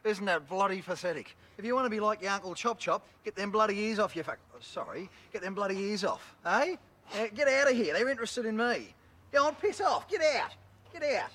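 An actor playing a crude, boastful Australian career criminal who swears constantly and bosses people around, in a film drama. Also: male voice, medium pitch, moderate pace, a bit bright, lightly acted. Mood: bossy. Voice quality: coarse, swears constantly, bossy. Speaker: convicted criminal giving a television interview.

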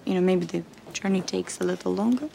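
A woman's voice: on the low side, fairly quick, gravelly, mellow, slight background noise. An actress playing a skeptical woman who teases and challenges. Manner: skeptical, teasing. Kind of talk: TV drama acting.

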